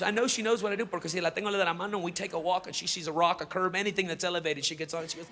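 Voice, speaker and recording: A middle-aged male comedian on stage with a high voice, animated and swinging from loud punchlines to a hush. Spanish phrases slip into his English. A live crowd laughs and murmurs under the noise. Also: rapid-fire, few pauses. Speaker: stand-up comedian. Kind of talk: stand-up comedy.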